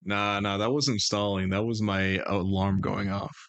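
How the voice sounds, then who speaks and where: Gravelly, slow-talking male streamer. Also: on the low side, flat delivery, a bit bright, no room sound. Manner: joking, sarcastic banter with chat. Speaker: streamer and game master. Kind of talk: casual stream chat.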